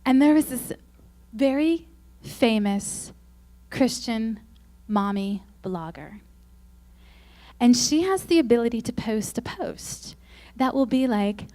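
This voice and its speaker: A woman speaking at a Christian women's conference, telling self-mocking, humorous stories and acting out quoted lines in a higher, louder voice. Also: lively intonation, takes it slowly, pauses often. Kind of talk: faith-based conference talk.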